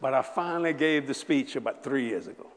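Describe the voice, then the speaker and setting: A man in his seventies preaching a sermon, telling a personal story with lots of laughter and sudden loud bursts. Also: mid-range voice, a little fast. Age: 70s. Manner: animated, laughing, bursts of shouting. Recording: echoey hall.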